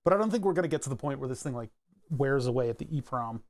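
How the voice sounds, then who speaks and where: A man's voice: medium pitch, expressive, rapid-fire, darkish tone. A man casually walking through his microcontroller code, rambling and self-correcting, laughing at himself now and then. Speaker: hobbyist electronics maker.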